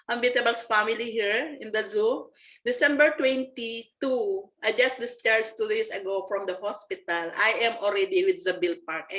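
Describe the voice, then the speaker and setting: Earnest, halting woman. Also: mid-range voice, fairly bright tone, low-quality recording. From Philippines. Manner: earnest, halting, with frequent restarts. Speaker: network marketing presenter. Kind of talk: personal testimony in online presentation.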